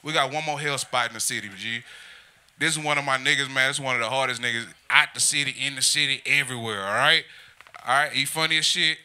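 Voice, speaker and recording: A man's voice: medium pitch, quick pace, bright, forceful tone, smooth. A man hosting a live roast show at a comedy club, loose and profane as he hypes the crowd.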